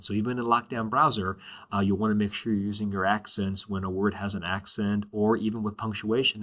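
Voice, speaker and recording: A man's voice: fairly low pitch, a bit bright. Upbeat male teacher, lots of fillers. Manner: upbeat, many fillers and "all right?" checks. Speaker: Spanish teacher. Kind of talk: recorded class introduction.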